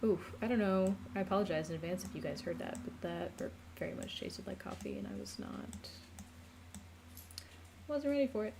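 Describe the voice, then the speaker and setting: A woman's voice: medium pitch, wildly swooping pitch, moderate pace, noisy background. An American woman streaming casually at home, chatting and laughing with viewers and her pets while she draws a map. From United States. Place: home room.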